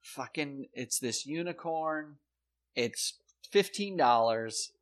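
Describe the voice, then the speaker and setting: A man's voice: on the high side, animated, slow pace. A middle-aged man from South Dakota, co-hosting a podcast, who tells a story in a casual, profane way and acts out his own past reactions. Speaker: podcast co-host.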